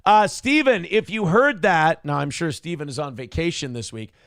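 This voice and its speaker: A man's voice: fairly high pitch, animated, normal speed, a bit bright, no room sound, studio quality. A man co-hosting a casual morning talk show, teasing his co-host and reading viewer comments aloud. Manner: teasing, joking, reads chat comments aloud.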